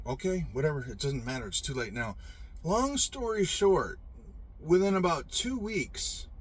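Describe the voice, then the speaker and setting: A man's voice: a little high, a bit bright, slight background noise. A middle-aged man telling a personal story in a rambling, profane, emphatic way, with frequent restarts. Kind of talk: casual storytelling monologue.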